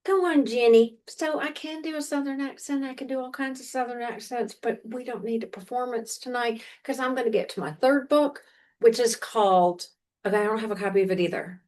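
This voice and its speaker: A woman's voice: on the high side, fairly quick, darkish tone. Chatty woman rambling about books. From Washington, D.C., United States. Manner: chatty and rambling, with frequent self-corrections. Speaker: podcast co-host recommending books. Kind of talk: casual chat.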